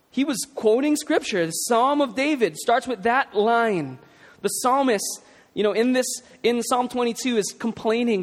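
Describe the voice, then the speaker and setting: A man's voice: very high-pitched, animated, measured pace. A man preaching a sermon in a casual, conversational way, with emphatic questions to the congregation. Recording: long hall reverb.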